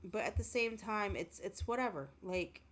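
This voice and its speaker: A woman's voice: medium pitch, lively intonation, normal speed. A woman livestreamer chatting with her viewers, speaking in an impassioned, earnest way. She is emotional and close to tears, and she repeats herself as she talks. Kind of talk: casual livestream chat with viewers.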